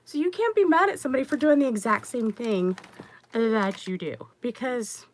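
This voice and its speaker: A middle-aged woman hosting a podcast, telling stories in a casual monologue that rises high when she gets exasperated. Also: normal speed, a little hiss or hum. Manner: animated storyteller, rising high when exasperated. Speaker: podcast host.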